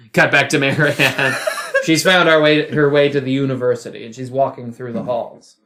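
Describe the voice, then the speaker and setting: A man's voice: mid-range voice, steady tone, moderate pace, pushed and bright, slight background noise. A man narrating an improvised audio drama in a casual, amused way. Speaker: co-host and improviser.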